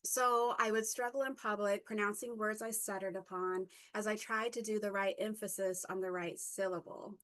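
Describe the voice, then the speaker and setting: Halting woman in her fifties, reflective. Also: medium pitch, steady tone, fairly bright tone, low-quality recording. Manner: halting, with frequent fillers and self-corrections; occasional stutter. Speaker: workshop speaker. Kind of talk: personal reflective storytelling.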